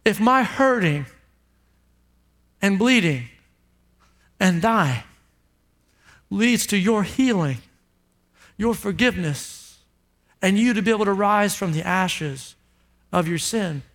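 A man preaching a sermon, voicing a suffering man on a cross who speaks of forgiveness in a solemn, slow, hushed way. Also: high voice, expressive, exaggerated voice.

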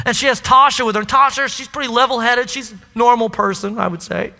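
Preacher, male, lively storyteller with a very high, bright voice, echoey sanctuary sound. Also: fast, gravelly. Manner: animated storytelling, addresses the crowd. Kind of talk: sermon. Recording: echoey hall.

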